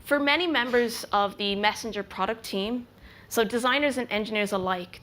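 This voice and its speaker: A young adult woman, a product researcher, giving a clear, measured conference talk with emphatic pauses. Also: medium pitch, a bit bright.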